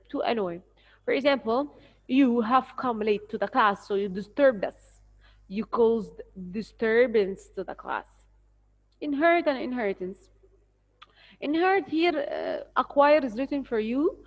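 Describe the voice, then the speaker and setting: An English teacher with an Egyptian accent, a woman, walks through a spelling list, spelling each word letter by letter and repeating it patiently. Her voice sits a little high, and the recording is dull and lo-fi. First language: Arabic.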